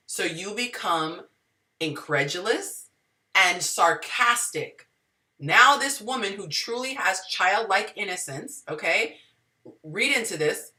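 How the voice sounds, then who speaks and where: A bright, sharp-toned young woman gives dating advice straight to her viewers. She is dramatic and sassy, and her pitch swings widely as she acts out other people's lines. Her voice sounds a little distant from the mic. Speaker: dating and relationship advice host. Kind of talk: animated monologue to viewers.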